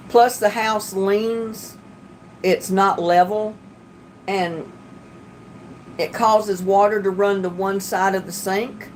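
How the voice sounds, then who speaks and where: An older woman talks to her livestream viewers from home in a relaxed, chatty manner. Her voice sits in a middle pitch, neither high nor low. A faint background hum sits under her talk. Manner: chatty, homey, talks about fixing things herself. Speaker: livestream host. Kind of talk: casual chat reading viewer comments.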